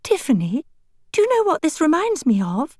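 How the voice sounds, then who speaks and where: A woman's voice: high-pitched, wildly swooping pitch, moderate pace, a little mellow, no echo, studio quality, pitched above the performer's own voice. A woman voicing an earnest, exclamatory young girl doll in a storybook.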